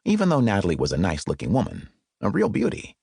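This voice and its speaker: Male audiobook narrator, expressive and wry, low gravelly voice with lively intonation; close dry studio sound. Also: fast, no room sound. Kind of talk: scripted narration. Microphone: close studio mic.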